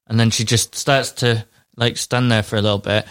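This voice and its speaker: A man, co-hosting a casual podcast chat and rambling through an animated retelling. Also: medium pitch, normal speed, clear, resonant tone. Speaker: podcast co-host.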